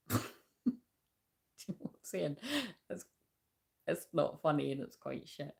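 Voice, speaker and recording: A woman's voice: low voice, fairly even intonation, measured pace, creaky, a little mellow. A woman giving a casual spiritual tarot reading, rambling and swearing often. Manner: rambling, swears a lot, chatty. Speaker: tarot reader.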